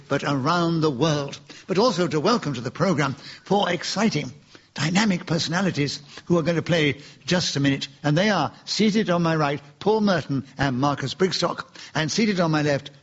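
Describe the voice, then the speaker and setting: A man's voice: a little high, lo-fi sound, slight background noise. An older man hosting a radio panel game with courteous, formal announcing before a live audience. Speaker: panel show host.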